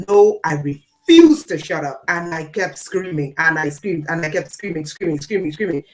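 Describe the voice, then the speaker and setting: A woman giving a spiritual talk to her audience. She repeats phrases for emphasis and swings between loud declarations and low asides. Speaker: spiritual teacher.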